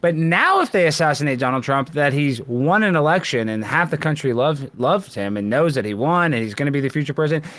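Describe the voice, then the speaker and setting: Brief: male podcast guest, excitable, voice sits fairly high, dry close mic. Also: brisk, few pauses, no room sound. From Texas. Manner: excitable, jumps between loud high bursts and low mutters. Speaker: guest commentator. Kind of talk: casual podcast chat.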